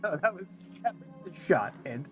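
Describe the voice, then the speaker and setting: A woman playing a tabletop game, chatting casually and reacting quickly. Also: fairly low pitch, very animated, darkish tone, soft background music, low-quality recording. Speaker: player.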